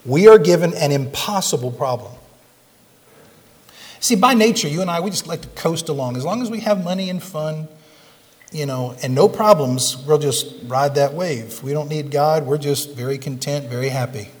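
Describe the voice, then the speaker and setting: A pastor with a slightly high voice speaks at normal speed, his words trailing off in a long reverb. Standing in a pew-filled sanctuary, he delivers a conversational sermon and asks his congregation questions along the way.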